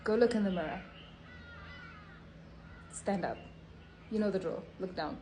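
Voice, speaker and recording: A woman's voice: mid-range voice, unhurried, dark tone, a little hiss or hum. A woman vlogging to her phone, blunt and scolding, ending points with a tag question. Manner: blunt, scolding, repeats "okay?" often. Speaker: health vlogger. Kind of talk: casual direct-to-camera vlog.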